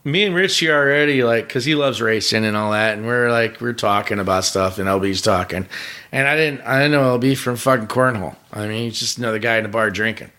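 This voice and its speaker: A man guesting on a podcast, swapping loose, rambling stories with a swear here and there. His voice sits at an everyday middle pitch, and he laughs easily between lines. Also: fast, sharp tone. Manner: rambling, profane, laughs often. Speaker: podcast guest, pit crew member. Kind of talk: casual storytelling.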